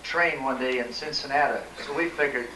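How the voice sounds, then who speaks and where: An elderly man, a retired ballplayer, telling an animated anecdote at a live event and acting out the voices in it. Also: medium pitch, fairly quick. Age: older. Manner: animated, acts out voices in his story. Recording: echoey room, distant mic, clear noise.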